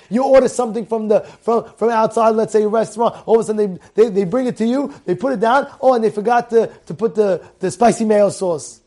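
A man teaching a Torah class in a lively storytelling way, repeating phrases and acting out the people in his stories. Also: sits high, fast, few pauses. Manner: animated, repeats phrases, acts out characters.

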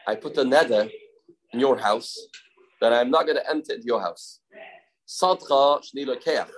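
A man's voice: medium pitch, poor audio. A man teaching a Talmud lesson step by step, repeating his key points and mixing Aramaic and Hebrew terms into his English.

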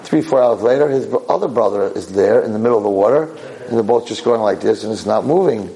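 A man giving a Torah lecture, telling a parable in an animated way. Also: lowish voice, fast talker, poor audio. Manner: animated, acts out voices. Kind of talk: sermon storytelling.

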